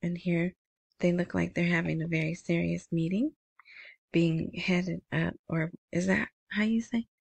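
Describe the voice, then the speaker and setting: Chatty woman with a gravelly voice. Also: lowish voice, fairly even intonation, measured pace, darkish tone, no echo. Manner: chatty, reads headlines then comments with asides. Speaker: host of a currency news show. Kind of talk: casual commentary reading news articles.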